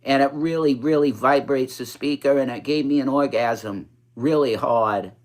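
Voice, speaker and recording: Speaking at an ordinary pace in a mid-range voice, a forties-aged drag performer rambles and swears through a casual livestream. A New York accent and a faint speech impediment color the talk, which now and then turns childlike.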